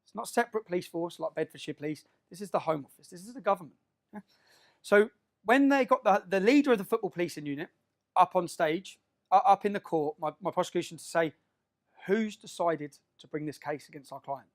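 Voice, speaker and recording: A man giving an emphatic speech to an audience, often checking in with a quick "yeah?". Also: sits high, lively intonation. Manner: emphatic, keeps asking "yeah?" to the crowd. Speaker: public speaker.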